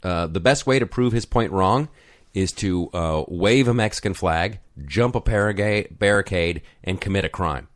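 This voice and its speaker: Male talk host, low voice, sarcastic and mock-outraged banter. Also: normal speed. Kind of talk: casual political banter.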